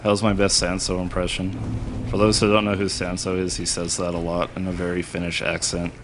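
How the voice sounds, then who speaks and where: A man's voice: deep voice, completely flat delivery, fairly quick, noisy background. A man commentating his own live speedrun, self-deprecating and laughing often.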